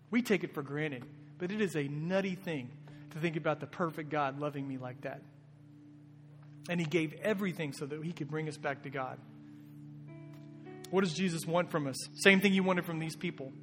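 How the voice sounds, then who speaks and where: A man's voice: a little high, a little fast. A man preaching a sermon as a pastor, in an earnest, conversational way. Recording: long reverb with soft guitar behind.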